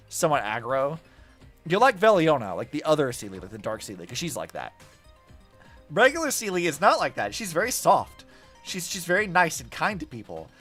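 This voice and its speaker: A young man chatting casually while playing a game, with lots of fillers and quick asides. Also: a little high. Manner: chatty, animated, many likes and fillers. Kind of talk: casual gameplay commentary. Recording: faint music behind. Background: faint game music.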